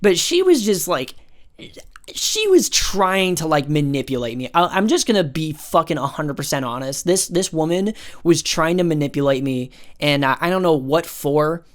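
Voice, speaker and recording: A man's voice: a little high, very animated, moderate pace. A man telling a personal story in a casual, rambling way, swearing often and filling his speech with "like" and "you know". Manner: rambling, profane, heavy filler words.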